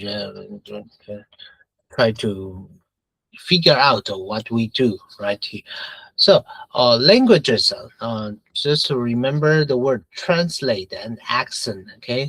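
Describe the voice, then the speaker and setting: A man teaching English grammar in a slow, unhurried way, switching between English and Mandarin and repeating key phrases. His pitch moves up and down a lot as he stresses words, and the sound is dry and close with no room echo. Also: fairly bright tone. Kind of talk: classroom grammar lesson.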